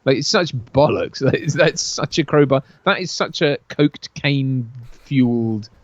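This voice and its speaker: A man's voice: medium pitch, measured pace, no room sound, lo-fi sound. A man co-hosting a movie watch-along from the UK, an actor and impressionist who laughs, swears, and drops into mock voices. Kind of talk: casual film commentary chat.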